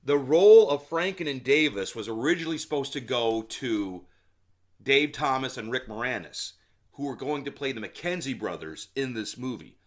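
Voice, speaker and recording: A man's voice: medium pitch, expressive, normal speed. A man hosting a solo comedy podcast and recapping a film in a casual, rambling way, with filler words and asides. He gives blunt opinions and talks straight to the listener. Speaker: podcast host.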